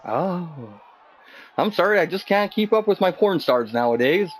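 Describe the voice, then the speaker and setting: Lively, teasing male commentator. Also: high-pitched, normal speed, a little hiss or hum, low-quality recording. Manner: goofy, teasing, rambling. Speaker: wrestling commentator. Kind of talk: jokey role-play commentary.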